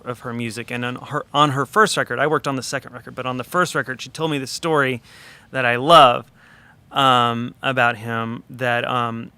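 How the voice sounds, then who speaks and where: A man in a studio conversation, a record producer telling an animated, chatty story with lots of fillers. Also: mid-range voice, clear, resonant tone.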